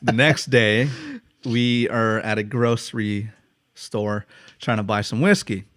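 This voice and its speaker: A man's voice: lowish voice, fairly even intonation, slow pace, a bit bright, no echo, studio quality. An American man hosting a podcast, telling stories casually, swearing freely and laughing often. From United States. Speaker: podcast host. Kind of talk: casual storytelling chat.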